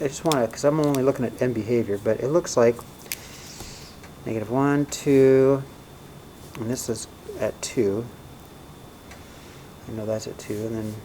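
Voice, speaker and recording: A man's voice: medium pitch, mellow, slight background noise, rough recording. A man teaching a recorded math lesson in a casual way, often checking in with "right?" and "okay?".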